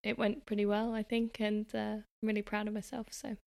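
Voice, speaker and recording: A woman co-hosting a casual podcast chat, easygoing and quick to laugh. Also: mid-range voice, level tone, creaky, darkish tone. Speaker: podcast co-host.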